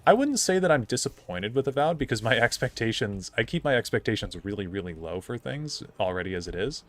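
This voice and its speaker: A man's voice: mid-range voice, big pitch swings, a little fast, a bit bright. A young man streaming a game, chatting casually in a rambling, opinionated way full of fillers. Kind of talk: casual gameplay commentary.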